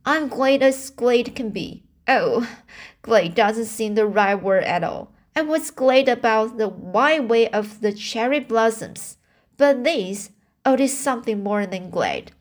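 In an amateur audiobook reading, a woman with a voice on the high side reads aloud with light acting. She voices an eager, emotional orphan girl in a raised, imploring tone.

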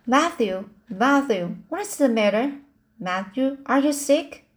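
Woman voicing a stern older woman, panicked and calling out, slow storybook reading. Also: a little high, sing-song, exaggerated voice. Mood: alarmed.

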